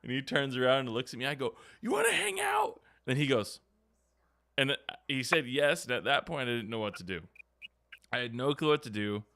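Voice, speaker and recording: A man's voice: mid-range voice, fairly quick, pushed and bright, no room sound. A man hosting a podcast, telling a story in casual chat, acting out quotes and swearing freely. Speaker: podcast host. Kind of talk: casual chat, animated anecdote.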